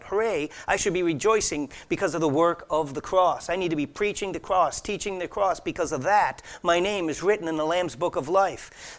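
A man preaching an earnest expository sermon, emphatic and conversational, swinging between loud declarations and hushed asides. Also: a little high. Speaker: pastor.

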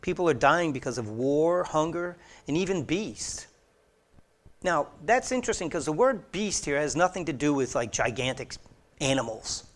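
A middle-aged man preaching a sermon in an earnest way, growing animated and louder as he goes on. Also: mid-range voice.

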